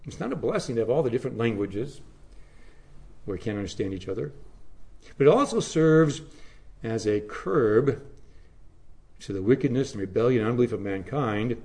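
A man preaching a sermon, with dramatic emphasis that drops to low, hushed phrases. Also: expressive, moderate pace, long pauses.

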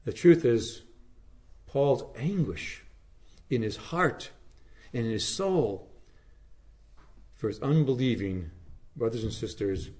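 Lively-voiced male pastor preaching. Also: mid-range voice. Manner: slow, emphatic preaching with hushed, falling phrase endings. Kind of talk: sermon.

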